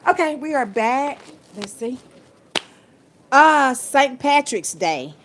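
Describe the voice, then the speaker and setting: A woman's voice: high-pitched, slow pace, background noise. A woman, preaching casually and profanely into her phone in a spiritual vlog. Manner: animated, preachy, profane, Southern US slang.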